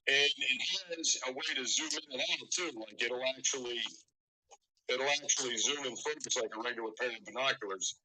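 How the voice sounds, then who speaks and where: A man guesting on a live stream, chatting casually with dry, deadpan humor. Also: mid-range voice, brisk, a little hiss or hum, low-quality recording. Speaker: guest podcaster.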